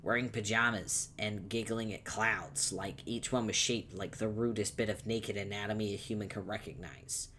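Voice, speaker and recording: A man voicing an angry, foul-mouthed young male troll, shouting insults impatiently, reading a webcomic aloud. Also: on the low side, fairly even intonation, moderate pace, few pauses, a little hiss or hum. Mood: irritated.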